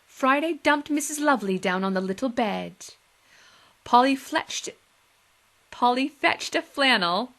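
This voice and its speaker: Expressive woman reading a storybook aloud. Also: a little high. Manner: expressive, lively. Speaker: teacher reading to her class.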